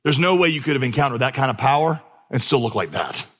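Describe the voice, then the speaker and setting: A man's voice: mid-range voice, expressive, fast talker, a bit bright, slightly rough. A man preaching a sermon to a congregation from a church stage, telling stories with humorous asides and repeating key words for emphasis. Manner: storytelling with vivid, humorous asides; emphatic repetition. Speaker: pastor. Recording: long reverb in a big hall.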